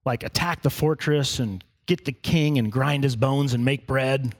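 A man's voice: mid-range voice, a little slow. A man voicing a chatty male cartoon donkey in an eager, pushy way.

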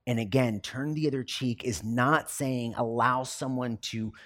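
A man's voice: mid-range voice, unhurried, a bit bright. A man preaching a sermon as a pastor, talking conversationally and acting out everyday quotes.

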